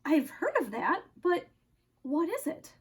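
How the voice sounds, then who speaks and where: A curious young lizard who asks wide-eyed questions about everything he sees, voiced by a woman reading a storybook aloud. He sounds fairly high and lively, close to her own natural voice. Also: slow, full character voice.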